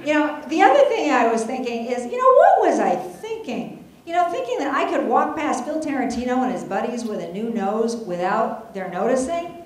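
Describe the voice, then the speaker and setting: A woman's voice: on the high side, sing-song, moderate pace, few pauses. A middle-aged woman telling a comic personal story on stage, chatty and self-deprecating, with many asides. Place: stage before an audience. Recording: very echoey hall.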